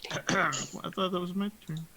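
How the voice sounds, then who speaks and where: Higher-voiced man in tabletop play. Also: takes it slowly, sharp tone, a little hiss or hum. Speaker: player.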